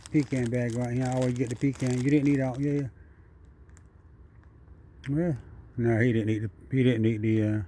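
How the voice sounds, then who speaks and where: A man's voice: mid-range voice, fairly even intonation, normal speed, pauses often, mellow, a little hiss or hum. A man's voice in a middle register, chatty and repetitive as he talks to a wild animal. He narrates casually outdoors at night. The sound comes from a handheld camera. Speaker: wildlife video maker.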